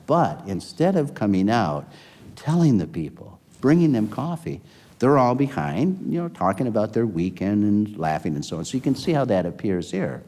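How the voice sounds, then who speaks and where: Warm and on the low side, this older man's voice carries a long, rambling interview story. He used to be a health system executive and acts out the dialogue as he goes.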